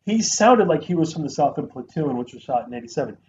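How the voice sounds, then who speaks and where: A man co-hosting a casual movie review show, talking in an animated, profane way and mimicking actors. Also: a little high, fast. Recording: dull lo-fi sound with faint noise.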